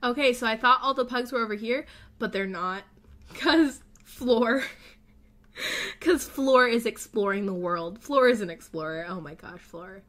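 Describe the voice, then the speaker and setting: A young woman giving casual gameplay commentary as a let's play host, gushing and excitable, often gasping. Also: a little high, a little slow.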